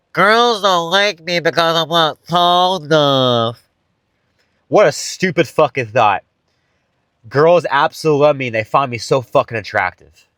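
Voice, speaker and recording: A man's voice: mid-range voice, no echo, clean studio sound. Profane, blunt young man giving dating advice. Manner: blunt, profane, buddy-style, calls listeners bro and guys. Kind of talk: casual profane pep talk to camera.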